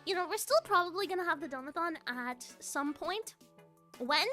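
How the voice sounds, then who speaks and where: A woman live streamer with a very high, bright, sharp voice, chatting in a casual and excitable way. She giggles often and repeats her lines. Faint music plays behind her. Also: moderate pace. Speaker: live streamer with an avatar model.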